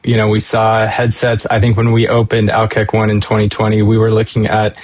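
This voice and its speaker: Low-voiced man explaining calmly. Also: slight background noise. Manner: conversational, explanatory, with fillers. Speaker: university administrator, panel guest. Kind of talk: casual panel discussion.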